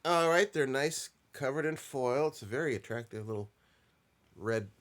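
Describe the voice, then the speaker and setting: A man's voice: mid-range voice, expressive, normal speed. A man co-hosting a casual stream, chatting and thinking aloud while he eats snacks. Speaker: co-host. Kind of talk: casual snack-tasting chat.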